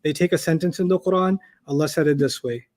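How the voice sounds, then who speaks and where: Teaching an Arabic class, a male lecturer covers word order, using animated invented examples and quizzing the students. He speaks fast, in a fairly high pitch.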